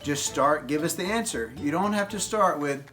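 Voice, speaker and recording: A man's voice: a little high, animated, normal speed, fairly bright tone, soft background music. A man in his fifties hosting an advice video, lecturing young people in a teasing, jokey way. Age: 50s. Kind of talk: casual advice monologue.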